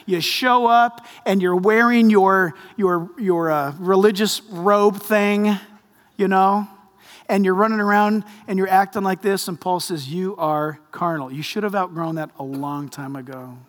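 High-pitched middle-aged pastor dude preaching, jokey storyteller, big echoey church hall. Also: male voice, unhurried. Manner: animated storytelling preacher with jokes. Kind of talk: sermon. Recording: long hall reverb.

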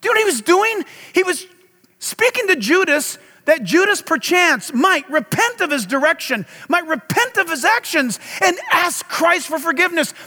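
Fiery, high-voiced male preacher. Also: very animated, normal speed, big-room sound. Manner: impassioned, loud preaching with dramatic swings. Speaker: pastor. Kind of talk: sermon.

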